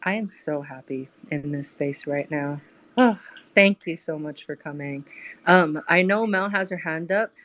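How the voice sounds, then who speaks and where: Slightly low-voiced woman hosting a chat. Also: a little slow, rough recording. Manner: warm, effusive, hands out turns to speakers. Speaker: chat room host. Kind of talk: casual live audio chat.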